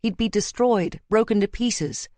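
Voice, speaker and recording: A woman reading a romance audiobook in a measured, emotive way, close to the microphone. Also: on the high side, mellow, dry recording. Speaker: audiobook narrator. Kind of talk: scripted romance narration. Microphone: close studio mic.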